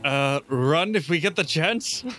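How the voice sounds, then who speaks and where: A man's voice: fairly high pitch, expressive, a little slow, bright, forceful tone. A man playing a tabletop game who talks hesitantly, with plenty of uhs. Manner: hesitant, lots of ums. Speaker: player.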